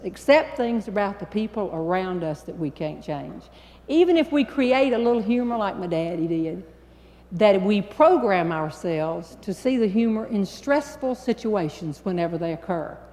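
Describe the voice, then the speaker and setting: A woman with a Southern American accent, a humorist telling a story to a live audience, with a folksy, drawn-out delivery and deliberate pauses. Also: medium pitch, lively intonation, darkish tone. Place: large hall before a live audience. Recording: long reverb in a large hall.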